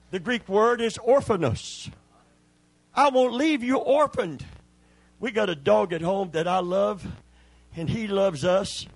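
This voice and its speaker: A husky-voiced pastor preaches a sermon, spinning folksy stories and calling out for amens. His pitch and volume swell suddenly into emphatic peaks, and the recording is low quality but has no echo.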